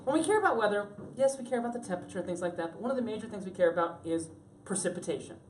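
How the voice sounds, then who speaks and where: A woman's voice: mid-range voice, lively intonation, racing, a little mellow, roomy sound, slight background noise, poor audio. A woman from Florida giving a chatty, joking live tech talk to an audience in a room on a cruise ship. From Florida, USA. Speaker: tech presenter.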